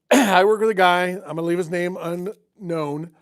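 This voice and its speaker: A man's voice: high-pitched, unhurried. A middle-aged man, hosting a casual garage livestream, chatting with viewers and telling stories with chuckles. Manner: folksy storytelling with chuckles.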